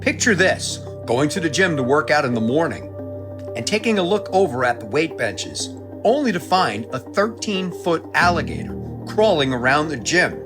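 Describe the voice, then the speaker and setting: A narrator reads a scripted intro with a lively, swooping pitch and strong emphasis. Clear music runs underneath. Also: normal speed. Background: background music.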